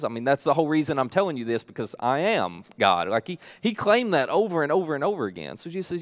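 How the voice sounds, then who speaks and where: A man's voice: fairly high pitch, big pitch swings, fast talker, few pauses. A man preaching a sermon as pastor, retelling a story with acted-out voices in a church.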